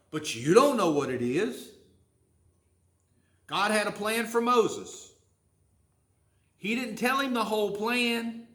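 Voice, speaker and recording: Folksy preacher, echoey room. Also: male voice, high-pitched, animated, takes it slowly, pauses often, a bit bright. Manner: folksy, conversational preaching with rhetorical questions. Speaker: pastor. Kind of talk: sermon.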